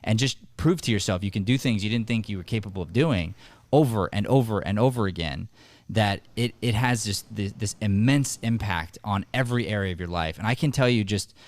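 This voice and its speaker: Male host, acting coach type; earnest, emphatic, low-pitched, dry mic. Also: dry recording. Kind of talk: casual podcast discussion.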